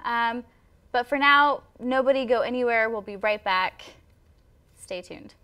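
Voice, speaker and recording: A woman's voice: a little high, a little slow, sharp tone, clear, resonant tone. A young woman hosting a student talk show, chatty and playful as she interviews and introduces guests.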